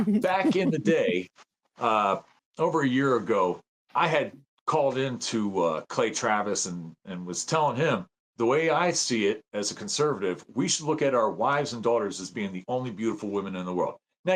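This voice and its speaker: Podcast guest: fifties man from the United States, swoops up and down, excitable storyteller. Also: mid-range voice, moderate pace. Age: 50s. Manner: animated, excitable, acts out quoted voices. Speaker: podcast guest, veteran and citizen journalist. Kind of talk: casual storytelling interview.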